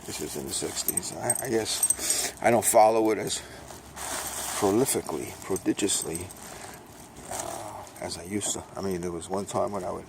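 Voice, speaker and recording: An older man with a thick Brooklyn accent rambles folksily while filming on his phone out on a walk. His voice sits a bit low and has a gravelly edge. The phone recording is noisy with outdoor sound. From Brooklyn, New York. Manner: meandering, chatty, folksy, playful asides. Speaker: vlogger. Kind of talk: rambling casual vlog on a walk. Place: outdoors on a walk, by a road and railway. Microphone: phone camera. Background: outdoor noise.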